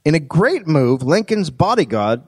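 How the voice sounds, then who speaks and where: Male comedy host telling a history story live, lively pitch that jumps around, laughs often, breaks into shouted quotes, slightly high voice. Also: moderate pace, husky. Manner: narrates with frequent laughs and shouted acted quotes. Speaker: podcast host. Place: live stage show with audience.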